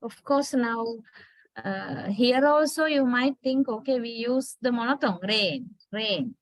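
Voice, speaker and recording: A woman's voice: on the high side, a little slow, dry recording, low-quality recording. A woman with a Sri Lankan English accent, lecturing an online class and patiently explaining, often checking with "right?".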